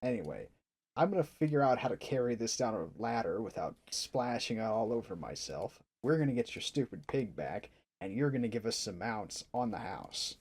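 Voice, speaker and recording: Guy player ribbing the gm, mock serious, kinda husky, swoopy voice. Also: fairly low pitch, sing-song, normal speed, darkish tone. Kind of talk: casual banter in a tabletop game.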